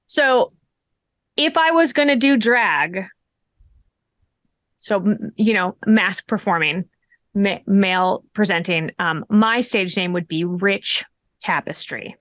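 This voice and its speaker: A woman's voice: medium pitch, expressive, slow, pauses often, fairly bright tone, dry recording. A bubbly woman hosting a tabletop game stream, chatting casually and laughing easily. Her voice sits at a middle height and sounds close and dry, with little room around it. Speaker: game master and host.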